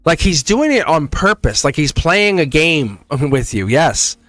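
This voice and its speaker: A man's voice: a little high, big pitch swings, measured pace, a bit bright, dry recording, faint music behind. A middle-aged man hosting a live tarot stream in casual chat, rambling, laughing often and saying "like" constantly. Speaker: tarot reader and livestream host.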